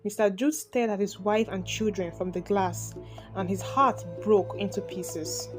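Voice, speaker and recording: A woman narrating a dramatic story in a steady, scripted storytelling style. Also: mid-range voice, a little slow. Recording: background music.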